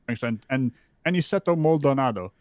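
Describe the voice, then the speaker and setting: A man's voice: mid-range voice, expressive, brisk, a little mellow, no room sound. A man chatting on a livestream who stumbles, repeats words and laughs often. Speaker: co-host on a livestream. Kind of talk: casual livestream chat.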